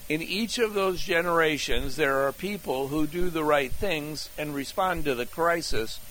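An older man preaching a sermon, working through an outline point by point in a deliberate way. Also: on the high side, fairly bright tone, slight background noise, low-quality recording. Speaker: pastor.

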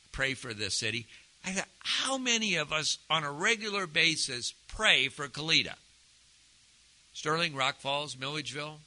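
A man's voice: a little high, sharp tone, rough recording. A middle-aged man, a pastor preaching a conversational sermon full of questions to his congregation.

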